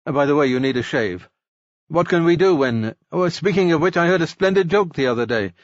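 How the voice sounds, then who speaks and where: Jolly pettish old man, voiced by a male narrator, chattering, raised pitch, muffled dry sound. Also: animated, a little fast, no echo, close to an everyday voice. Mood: nervous jolly. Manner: nervous, chattering, pettish laughter. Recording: dull lo-fi dry recording.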